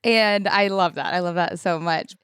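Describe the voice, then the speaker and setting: A woman's voice: lowish voice, normal speed, a bit bright, smooth, no room sound. Woman hosting a podcast, gushing and rambly, dry close sound. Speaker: podcast host. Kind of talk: casual conversation. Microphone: podcast mic.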